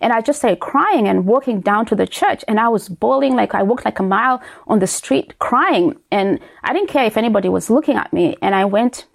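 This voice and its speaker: Guest, a woman from Uganda, creaky, lively, telling her faith testimony. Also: fairly high pitch, fairly quick, few pauses. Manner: animated storyteller, many fillers and restarts.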